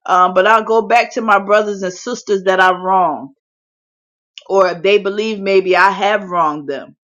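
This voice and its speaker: A fervent woman preaches and prays, filling her talk with praise. Her voice sits at a middling pitch. It comes through a phone app, dull and lo-fi. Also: a little slow, fairly bright tone. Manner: fervent, peppered with hallelujahs. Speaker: prayer leader hosting a faith chat room. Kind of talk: impassioned preaching and prayer.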